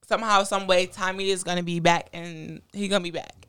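A woman co-hosting a podcast in casual chat, blunt and animated, full of slang. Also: lowish voice, fairly quick, clear, resonant tone. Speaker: podcast co-host.

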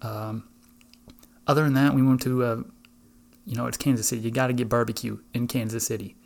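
A man's voice: mid-range voice, fairly even intonation, fairly quick, vocal fry. A man hosting his own podcast, telling rambling, profane stories in casual chat. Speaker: podcast host.

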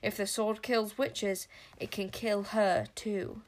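A woman's voice: medium pitch, flat delivery, slow pace, close to an everyday voice. A woman voicing a cruel male witch monster who croons and whispers his threats in a storybook. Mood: menacing.

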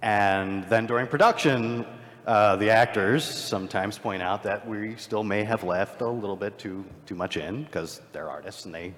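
Joking filmmaker on a convention stage. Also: male voice, on the low side, normal speed, a bit bright. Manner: joking, self-deprecating storyteller. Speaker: filmmaker panelist. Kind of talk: live panel discussion. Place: convention hall panel. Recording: hall reverb from a live stage.

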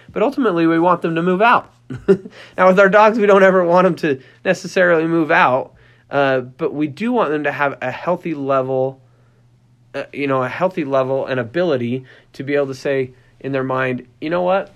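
A man in his thirties talks like a podcast host explaining something to listeners. His voice sits a little high for a man. He chats loosely, restarts sentences and now and then slips into playful little voices. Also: fairly quick, fairly bright tone. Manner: conversational, many restarts, acts out puppy and child voices. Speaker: podcast host, dog trainer. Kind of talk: casual explanatory podcast talk.

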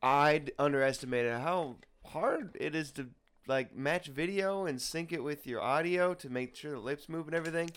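A man's voice: fairly high pitch, moderate pace, a bit bright, clean tone. A young man hosting a casual podcast, laid-back, laughing often and swearing freely. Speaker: podcast host.

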